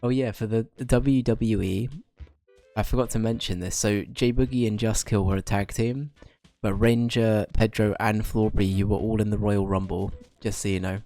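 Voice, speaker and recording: A low-pitched man chats with his stream, his voice bunged up and congested from being slightly ill. He rambles along and calls out viewers by name. The recording is dry, with faint music underneath. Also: fairly even intonation, normal speed, dark tone, no echo. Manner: chatty, rambling, addressing chat by name. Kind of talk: casual stream chat.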